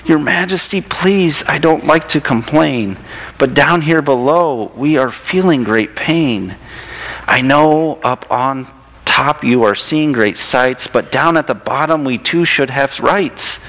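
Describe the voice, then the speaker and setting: A man plays a plain little storybook turtle, humble and sore, who pleads with a groan in his voice. The delivery is gentle and polite. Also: fairly high pitch, takes it slowly, exaggerated voice. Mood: pleading. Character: meek, aching little male turtle. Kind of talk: storybook reading aloud.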